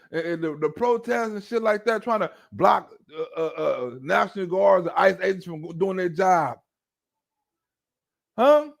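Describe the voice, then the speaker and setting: A man's voice: sits high, creaky. A man rants through a profane political monologue. He mocks his targets, keeps a streamer's loose delivery and stops to act out chants in a scornful tone. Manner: mocking, rants and acts out chants.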